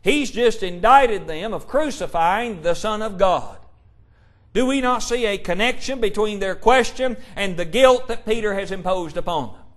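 A man's voice: sits high, lively intonation, moderate pace, a bit bright. A man preaching a sermon, emphatic and full of rhetorical questions, quoting scripture in old-fashioned wording.

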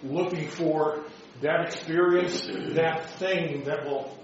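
A man's voice: on the high side, fairly even intonation, slow pace, slight background noise. A man leading a Bible study, teaching a group and putting rhetorical questions to them. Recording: dull echoey room recording.

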